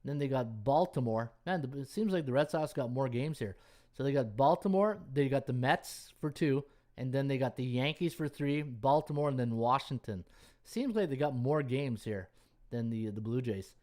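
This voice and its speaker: This man hosts a sports betting podcast and chats casually on a live stream, his mid-range, darkish voice expressive and at a normal speed. He thinks aloud, checks schedules on screen, addresses his chat viewers, and fills his talk with fillers and restarts.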